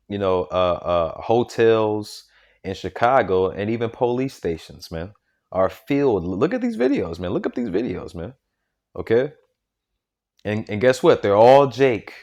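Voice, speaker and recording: His voice lowish and darkish in tone, a man reads scripture as he preaches informally. He keeps repeating himself emphatically, starts sentences over often, and ends lines with "man" or "okay?".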